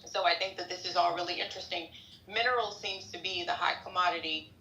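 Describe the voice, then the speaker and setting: An opinionated woman rambles through political talk on a podcast. Her voice sits a little low but sounds bright and forceful. The room is echoey, with faint noise underneath. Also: steady tone, fast, vocal fry.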